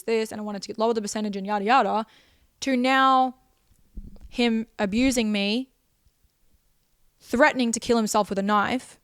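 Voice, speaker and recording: A young woman telling a painful personal story on her podcast, circling back over her words in an emotional, rambling way. Her voice sits a little high and comes across smooth and clear, recorded close and dry with no room sound. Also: no room sound. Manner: emotional, rambling with repeated phrases. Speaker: podcast host.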